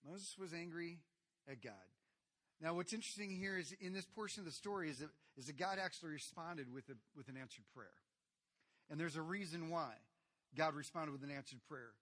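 A man preaching a sermon to his congregation, addressing them directly and swinging from quiet asides to loud, animated retellings. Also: on the high side, brisk. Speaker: pastor.

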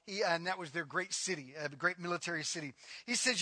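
A man preaching a sermon on scripture, dramatic and emphatic, swinging from loud repeated lines to low murmurs and acting out quoted voices. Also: brisk, no echo.

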